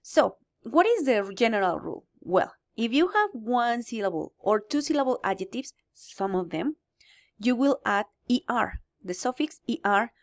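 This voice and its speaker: Woman, English teacher, recorded grammar lesson, fairly high voice, step-by-step explaining, dull lo-fi audio. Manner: explains step by step, asking and answering her own questions.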